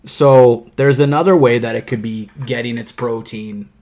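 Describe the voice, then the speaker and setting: A man's voice: medium pitch, steady tone, normal speed, darkish tone. Joking man tossing in podcast asides. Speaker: podcast co-host. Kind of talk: casual podcast banter.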